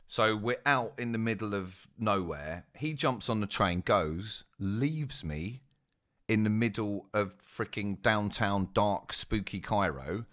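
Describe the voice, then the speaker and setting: A young man tells a casual story in a very deep, low voice. He is chatty and self-mocking, often turning to his listeners with asides. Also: animated, slow, a bit bright. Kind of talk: casual spoken anecdote.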